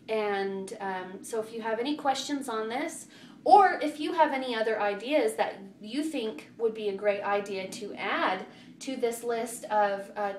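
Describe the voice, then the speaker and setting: A woman's voice: on the high side, a little hiss or hum. A woman working as a self-love coach gives earnest, encouraging advice in a casual vlog, with lots of fillers. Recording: echoey room, far from the mic.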